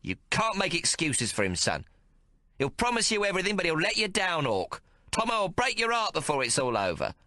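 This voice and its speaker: A man's voice: high-pitched, huge pitch swings, fairly quick, sharp tone, dry recording, studio quality, voice pushed up, exaggerated voice. A man doing a fierce old mother. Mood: scolding. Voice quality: coarse dialect, scolding. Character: fierce old working-class mother, tough and bitter. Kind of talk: audiobook character voice.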